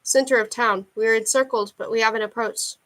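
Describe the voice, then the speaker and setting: A curt male helicopter pilot giving short, businesslike reports, read by a woman lifting her pitch well above her usual. Every phrase is clipped and to the point. An audiobook reading. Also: fairly even intonation, fairly quick, a bit bright, close to an everyday voice.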